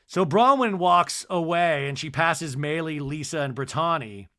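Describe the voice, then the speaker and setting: A man's voice: fairly high pitch, normal speed, few pauses. A man hosting a comedy podcast, recapping a reality show and acting out the cast's lines in raised, mocking voices. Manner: animated, mimics cast members in raised voices. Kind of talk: comic recap with acted-out quotes.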